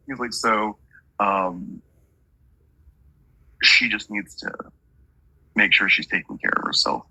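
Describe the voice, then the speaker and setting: A man's voice: on the low side, fairly even intonation, moderate pace, pauses often, sharp tone, slightly rough, dry recording, low-quality recording. A man working as a medium, relaying messages in a chatty reading and stringing quotes together with "he's like".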